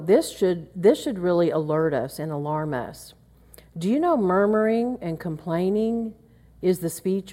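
A woman's voice: fairly low pitch, dark tone. Chatty woman teaching in a reverberant hall. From Oklahoma. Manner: chatty and anecdotal, acting out quoted grumbles under her breath. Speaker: women's Bible study teacher. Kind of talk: Bible teaching to a women's gathering.

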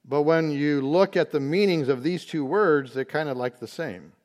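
A man teaching a Bible study, explaining word meanings slowly and deliberately, with occasional fillers. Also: a little high.

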